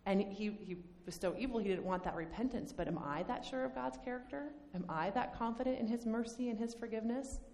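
A woman teaching a Bible study lesson in a conversational, animated way, acting out the lines she quotes. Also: on the high side, brisk, hardly any pauses. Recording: long hall reverb.

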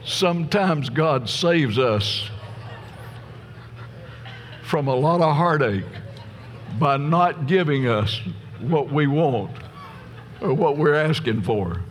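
A man's voice: on the high side, expressive, slow, pauses often, slight background noise. A middle-aged man preaching a sermon as pastor, folksy and storytelling, often asking his listeners "Amen?". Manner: folksy, tells jokes, asks the crowd "Amen?". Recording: long reverb from a large church hall.

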